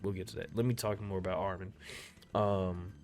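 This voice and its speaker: A young man giving casual commentary on an anime episode, rambling and profane, repeating himself and jumping suddenly loud and high when worked up. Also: steady tone, a little fast, faint music behind. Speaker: anime reaction video creator.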